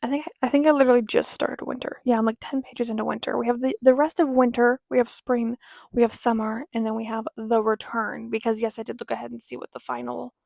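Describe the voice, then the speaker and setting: Chatty higher-voiced woman book vlogger. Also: little pitch movement, fast, creaky, darkish tone, no echo. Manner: chatty and rambling, self-deprecating. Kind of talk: casual reading vlog.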